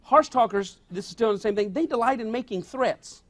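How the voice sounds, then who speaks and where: A man's voice: very high-pitched, moderate pace, hardly any pauses. A male pastor preaching a sermon in an emphatic way, repeating his key points.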